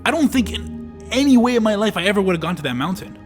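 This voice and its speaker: A man's voice: high voice, sing-song, quick pace. A young man in his early twenties from Canada, telling a travel story in a laid-back, slangy voice-over. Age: early 20s. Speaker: travel vlogger. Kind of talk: casual voice-over narration. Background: faint background music.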